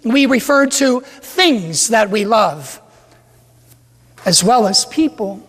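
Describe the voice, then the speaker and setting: Priest, male, high voice, unhurried, jokey crowd-leader, big church reverb with congregation behind. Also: animated, fairly bright tone, breathy edge. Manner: playful, joking, leads the congregation in chants. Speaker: parish priest. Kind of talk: sermon with a call-and-response cheer.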